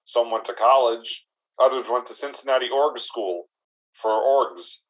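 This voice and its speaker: A man playing a laid-back male orc bouncer in an improv comedy scene. He talks slowly and deadpan in an everyday voice, rambling on about his lonely life. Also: medium pitch, close to an everyday voice, rough recording.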